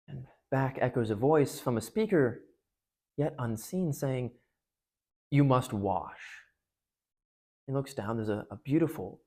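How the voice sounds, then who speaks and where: A man's voice: mid-range voice, a little mellow, slightly rough. A man giving a casual talk that retells and analyzes a book, speaking conversationally with frequent restarts. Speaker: parish speaker on literature.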